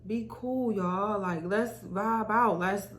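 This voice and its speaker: A woman's voice: medium pitch, takes it slowly, fairly bright tone, a little hiss or hum. A young adult woman hosting her own podcast, talking candidly and motivationally to her viewers in a casual, direct way. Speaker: podcast host. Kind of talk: casual solo podcast talk.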